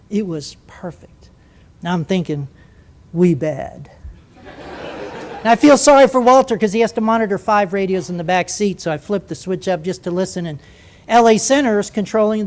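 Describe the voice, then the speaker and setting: Older man telling an animated story. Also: high voice. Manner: animated, acts out radio voices and asides. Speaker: retired jet pilot and speaker. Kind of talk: storytelling to a live audience.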